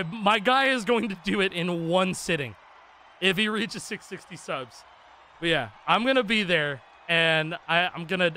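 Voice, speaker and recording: A man's voice: on the high side, a little hiss or hum. A man streaming a rhythm game, chatting casually with viewers in a rambling, profane way full of fillers. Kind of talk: casual live-stream chat. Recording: game music playing loudly behind.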